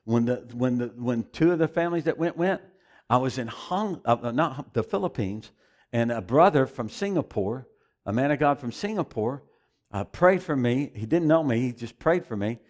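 A man's voice: medium pitch, lively intonation, normal speed. A man preaching a sermon as pastor, emphatic and repeating phrases for emphasis.

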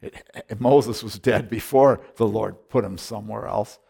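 A pastor preaches a sermon, sharing a personal story and urging his congregation on, shifting between hushed, slow stretches and loud, emphatic declarations. His voice is lowish and steady, gravelly with a breathy edge.

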